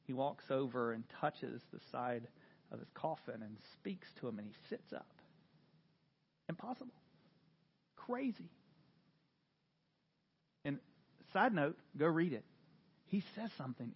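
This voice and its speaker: A man preaching a sermon, retelling scripture with dramatic swings from hushed to loud, animated storytelling. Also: a little high, breathy edge, muffled recording. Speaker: pastor.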